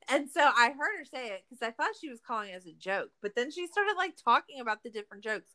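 A woman's voice: a little high, expressive, moderate pace, bright, forceful tone. A young woman co-hosting a podcast in casual chat, laughing often, swearing and ranting sarcastically. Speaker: podcast co-host.

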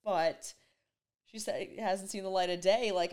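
Talking casually to camera, a young woman tells a personal story at normal speed in a medium-pitched, slightly mellow voice. She rambles emotionally and says "like" constantly.

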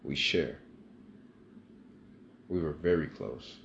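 A man's voice: a bass voice, takes it slowly, gravelly, a bit bright, reverberant, lo-fi sound, a little hiss or hum. A man telling a personal story in casual, profane, rambling talk, growing emphatic.

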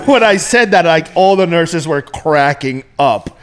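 A man chatting casually, relaxed and easygoing as he tells a story. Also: high voice, measured pace, hardly any pauses. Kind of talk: casual chat.

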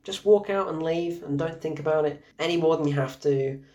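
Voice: medium pitch, a little fast, mellow, muffled recording. A film reviewer ranting casually and sarcastically about a movie, exasperated, laughing at it, rambling through restarts. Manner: rambling with frequent restarts and fillers.

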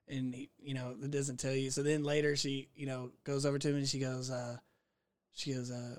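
A man co-hosting a casual movie-review podcast, retelling scenes with quick quoted lines from the characters. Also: mid-range voice, steady tone. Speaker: podcast co-host.

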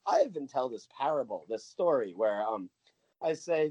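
A man's voice: mid-range voice, lively intonation, normal speed, dark tone, slightly rough, dry recording, low-quality recording. A man speaking as a guest from a voter nonprofit, earnest and thinking aloud with lots of fillers and restarts. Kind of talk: casual conversational interview.

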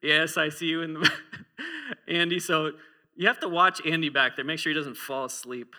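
Bright, tense-voiced male preacher. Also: fairly high pitch, lively intonation, moderate pace. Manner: conversational, humorous, asks the congregation questions. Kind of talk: sermon. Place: church.

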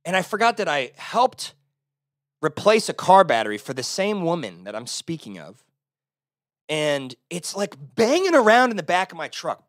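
A man with a Texan accent hosting his own solo podcast, ranting casually with lots of swearing, swinging from loud outbursts to low mutters. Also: no echo, studio quality. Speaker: podcast host. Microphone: close-talking podcast mic.

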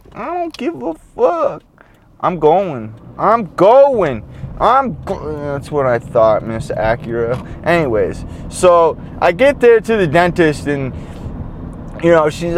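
High-voiced man ranting profanely while driving. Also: slight background noise. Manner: rambling, profane, self-interrupting. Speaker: vlogger. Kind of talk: casual driving vlog chat. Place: in a car on city streets.

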